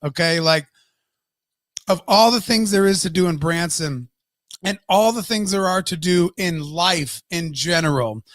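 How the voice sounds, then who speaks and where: A man's voice: sits high, a little slow, a bit bright, no echo, studio quality. A man co-hosting a casual live-stream podcast, ranting and swearing freely. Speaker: podcast co-host.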